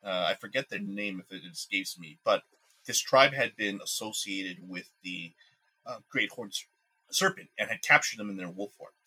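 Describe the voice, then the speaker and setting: Husky-voiced man casually retelling a legend. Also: on the low side, moderate pace, pushed and bright, low-quality recording. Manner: loose, rambling retelling. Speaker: podcast co-host. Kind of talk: casual storytelling.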